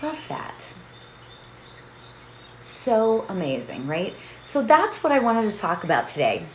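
This middle-aged woman leads a meditation as a casual chat, laughing often, checking in with listeners and repeatedly asking "right?" Her medium-pitched voice swings hugely in pitch and moves slowly. The recording has a roomy echo and faint background noise.

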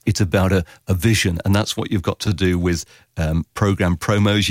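Animated man, low voice. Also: no room sound, studio quality. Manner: animated, acts out listener reactions in quotes. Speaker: radio consultant and author guest. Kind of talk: podcast interview.

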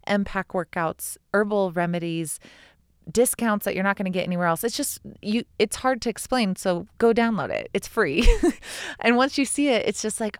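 A woman's voice: mid-range voice, expressive, normal speed, smooth, dry recording, clean studio sound. A woman in her thirties hosting a solo podcast, talking in an enthusiastic, heartfelt, rambling way. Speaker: podcast host. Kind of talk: casual solo podcast talk.

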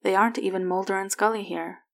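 A woman narrating a fan fiction story aloud, softly and evenly. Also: medium pitch, fairly even intonation, quick pace, creaky.

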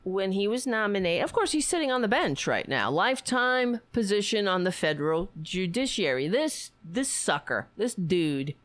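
A woman's voice: mid-range voice, sing-song, normal speed, hardly any pauses. A woman hosting her own political talk show, ranting with sarcasm and indignation, swearing and laughing between points. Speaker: political commentary host. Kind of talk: casual political rant.

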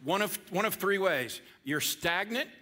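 Pastor guy, high bright voice, joking around and getting the church to talk back. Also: expressive, measured pace. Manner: playful, coaxing the congregation to respond. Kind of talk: interactive sermon. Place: church before a congregation.

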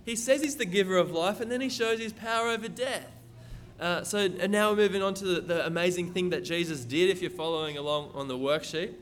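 A man's voice: high-pitched, fairly quick. A man preaching a sermon, reading scripture aloud and explaining it in an earnest, emphatic way. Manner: earnest, emphatic, repeats words when stressing.

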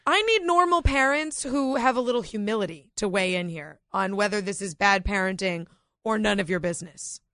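A woman's voice: medium pitch, brisk, a bit bright, no room sound, studio quality. A woman co-hosting a casual talk radio show, bantering and laughing often as she reads stories and reacts to callers. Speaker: radio co-host.

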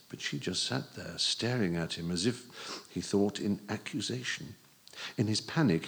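A man, narrating a novel as an audiobook reader, measured and lifting in pitch at tense moments. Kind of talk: scripted narration.

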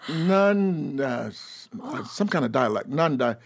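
A man's voice: on the high side, animated, slow pace, vocal fry, a crowd in the background. A man from Atlanta, a podcast guest, telling rambling stories in casual chat.

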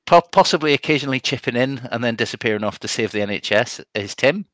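A man's voice: medium pitch, expressive, fast talker, a bit bright, no room sound. A man hosting a casual podcast chat, chatty and hesitant, laughing often. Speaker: podcast host.

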